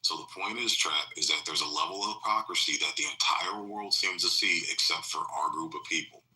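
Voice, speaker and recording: A man's voice: sits low, fairly quick, sharp tone, poor audio. A man arguing his point at length in a heated panel debate, insistent and refusing to be interrupted. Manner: insistent, holds the floor.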